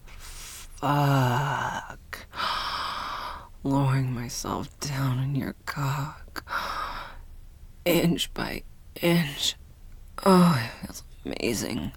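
Low breathy woman, whispered role-play. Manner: slow, breathy, teasing and commanding. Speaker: audio role-play performer.

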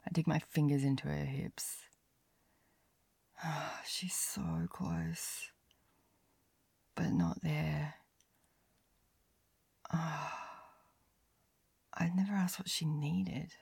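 A woman's whispered role-play, delivered as an intimate first-person narration. Her low voice has a heavy gravelly fry and lots of breath, sighing between lines. The sound is dry and close, with no room around it. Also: animated, darkish tone, no room sound. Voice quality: breathy whisper with frequent sighs. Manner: slow, lingering, intimate first-person storytelling.

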